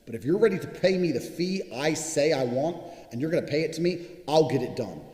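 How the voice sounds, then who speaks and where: A man's voice: mid-range voice, animated, warm tone. A man giving an unscripted motivational talk as a course instructor, swearing often and boasting as he tells stories. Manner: profane, boastful, rapid storytelling. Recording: echoey room with long reverb.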